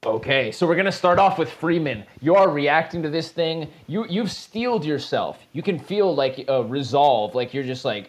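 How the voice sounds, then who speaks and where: A man's voice: fairly high pitch, expressive, moderate pace, hardly any pauses. Casual man running a tabletop game. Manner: casual, rambling, swearing. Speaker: game master.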